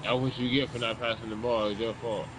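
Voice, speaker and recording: A man's voice: medium pitch, little pitch movement, fast, fairly bright tone. A man making laid-back, teasing remarks from across the room. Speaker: friend in the room. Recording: distant off-mic voice with noise.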